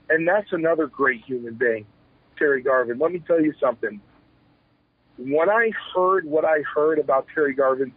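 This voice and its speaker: Animated man telling stories over a phone line. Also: fairly high pitch, breathy edge, no echo. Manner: animated, acts out quoted exchanges, restarts sentences. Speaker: retired pro wrestler, interview guest. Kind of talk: candid storytelling interview. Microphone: telephone.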